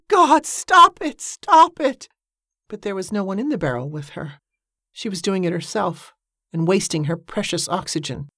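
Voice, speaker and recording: Low-voiced woman narrating a story. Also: no room sound, studio quality. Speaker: audiobook narrator. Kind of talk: scripted narration.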